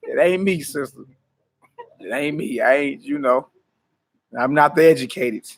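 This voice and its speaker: Man, casual livestream host, greets viewers by name, laughs a lot, mid pitch. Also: measured pace, slight background noise. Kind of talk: casual livestream chat before prayer.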